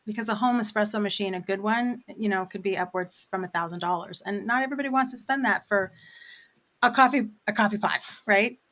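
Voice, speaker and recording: A woman coffee roaster talks in a loose, conversational way as an interview guest. She explains at length, dotting her sentences with "um" and "you know". Her voice sits at an ordinary middle pitch. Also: a little fast, fairly bright tone. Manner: chatty and explanatory, frequent fillers. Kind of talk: casual interview chat.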